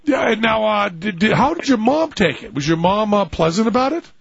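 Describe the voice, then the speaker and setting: A male radio host whose voice is gravelly and a little husky, with a lively, wide-ranging delivery. He jokes around and teases his callers, heard through a slightly muffled broadcast. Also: sits high, a little fast, no room sound. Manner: joking, teasing interviewer. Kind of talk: talk radio banter. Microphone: studio microphone.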